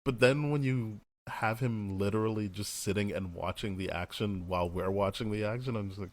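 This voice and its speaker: Low-voiced man rambling in a podcast review. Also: fairly quick. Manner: rambling, laughs often, acts out quotes. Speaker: podcast co-host. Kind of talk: casual movie review chat.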